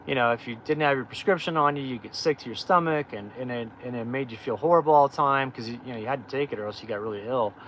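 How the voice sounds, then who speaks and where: A man's voice: medium pitch, fast, hardly any pauses, a bit bright, slight background noise, low-quality recording. A middle-aged man hosting a livestream, telling his life story in a candid, rambling way with lots of fillers and restarts. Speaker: off-grid channel host.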